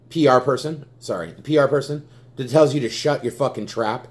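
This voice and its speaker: Young male fan vlogger, angry profane rant, mid-pitched voice, stammering repeats. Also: brisk. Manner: furious, profane, ranting with heavy swearing; stammers and repeats words when worked up.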